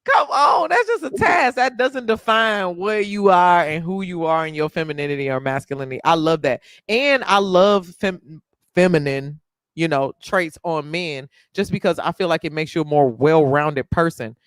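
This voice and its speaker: A woman's voice: low voice, normal speed, smooth, no echo, clean studio sound. A woman hosting a podcast in casual chat, blunt and emphatic, swearing freely. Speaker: podcast host.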